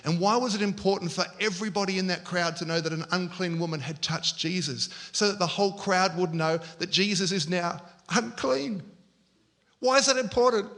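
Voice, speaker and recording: A man preaching a lively storytelling sermon. His voice sits high and bright. He keeps slipping into the voices of the people in his story. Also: fairly quick, hardly any pauses. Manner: storytelling, acts out quoted lines. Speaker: pastor.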